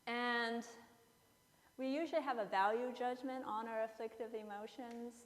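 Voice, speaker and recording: A woman in her fifties, a pastor preaching a sermon and telling a story in a lively way, acting out the people in it. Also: on the high side, moderate pace. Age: 50s. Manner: storytelling, acting out characters with playful asides. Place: church sanctuary. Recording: long church reverb.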